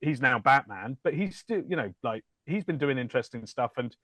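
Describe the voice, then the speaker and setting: A man co-hosting a casual film-review podcast, talking with jokey enthusiasm and quick tangents. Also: medium pitch, expressive, fairly bright tone, no echo. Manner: enthusiastic, jokey, slips into silly put-on voices. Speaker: film magazine writer and podcast co-host.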